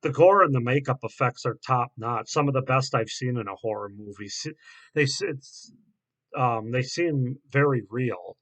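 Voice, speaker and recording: Man giving a halting casual film review. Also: medium pitch, fairly bright tone. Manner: halting, many fillers and restarts. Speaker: horror movie reviewer.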